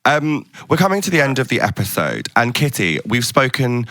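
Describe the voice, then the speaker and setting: English male podcast host; playful, laughs a lot, very lively intonation. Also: medium pitch, no echo, studio quality. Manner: playful, laughs often, quick bursts of cheering. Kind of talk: casual chat.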